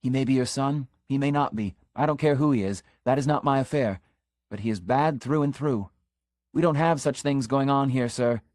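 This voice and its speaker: A man's voice: medium pitch, fairly quick, darkish tone, dry recording, studio quality, lightly acted. A man reading the part of an earnest, scandalized middle-aged country constable who delivers an urgent, conspiratorial warning. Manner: urgent, conspiratorial warning, drops to a stage whisper. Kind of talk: audiobook character reading.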